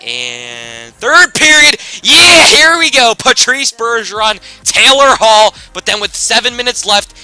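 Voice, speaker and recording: High, bright-voiced excitable young man. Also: unhurried, few pauses, dry recording, faint music behind. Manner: excitable, swings from mutter to shouting. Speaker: gaming YouTuber. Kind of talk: excited play-by-play commentary over a sports game.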